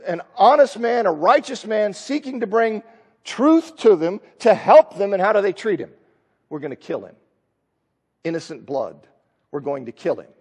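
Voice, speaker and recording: A man's voice: high-pitched, big-room sound. A man teaching a Bible class in a conversational lecture style, thinking aloud and acting out the lines he quotes. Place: church classroom.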